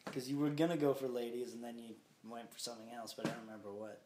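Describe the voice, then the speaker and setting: A man's voice: medium pitch, level tone, fast. A young man co-hosting a podcast in casual chat, rambling and laughing often. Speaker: podcast co-host. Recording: echoey room, faint noise.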